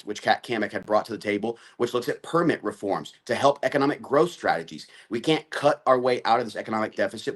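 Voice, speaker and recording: Brief: male political commentator, average pitch, firm and fast-paced argument, talk-show guest. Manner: fast, assertive, lists points in long runs.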